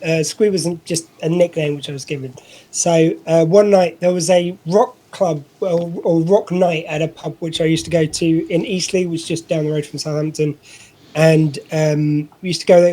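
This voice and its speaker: Mellow-voiced man telling rambling stories. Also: a little high, poor audio. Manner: rambling storyteller, lots of fillers and restarts. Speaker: podcast host being interviewed. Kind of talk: casual anecdotal chat.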